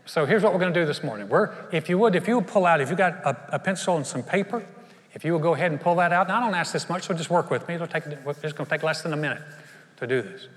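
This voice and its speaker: A man's voice: on the high side, quick pace. A male pastor preaching a sermon in an earnest, conversational way, speaking straight to his congregation with questions. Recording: long reverb of a large church hall.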